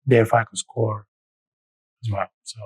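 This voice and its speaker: A man's voice: lowish voice, steady tone, unhurried, breathy edge, dry recording, rough recording. A middle-aged man, a lending expert guest in a podcast interview, explaining step by step with frequent restarts.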